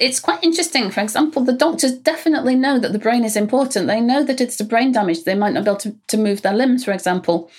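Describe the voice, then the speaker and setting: A woman Egyptologist in a podcast interview, explaining in a chatty way and often restarting her sentences. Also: a little high. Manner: chatty, restarts often, laughs between points. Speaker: Egyptologist answering listener questions. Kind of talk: conversational expert explanation.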